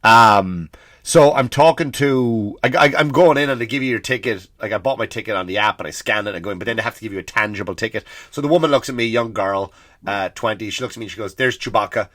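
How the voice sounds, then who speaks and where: A man's voice: on the low side, fast talker, a bit bright, dry recording, studio quality. A man hosting a comedy podcast, ranting from home with blunt, profane sarcasm and lots of stammered restarts.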